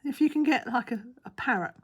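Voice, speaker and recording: Husky woman mumbling while crafting. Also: high voice, a little fast. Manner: mumbling, half-whispered, talks to herself. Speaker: crafting vlogger. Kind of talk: casual chat while crafting.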